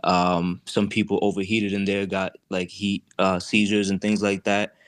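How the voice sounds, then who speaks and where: A young man telling the story of his jail stay in a halting, conversational way, with many fillers and restarts. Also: low-pitched, flat delivery. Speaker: client describing his case.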